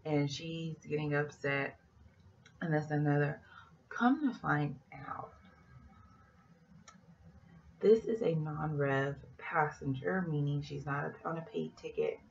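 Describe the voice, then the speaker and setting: Female flight attendant, vlogger; gravelly, fry-heavy voice, animated storyteller who acts out each character's lines, recorded a bit off-mic on dull lo-fi audio. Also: low voice, takes it slowly, long pauses, distant mic, a little hiss or hum. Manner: animated retelling that acts out quoted dialogue. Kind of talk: casual storytelling vlog.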